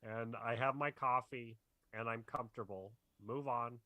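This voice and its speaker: A man co-hosting a casual livestream chat, joking and acting out scenes in quick asides. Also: medium pitch, fairly even intonation, pushed and bright, no echo. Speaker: podcast co-host.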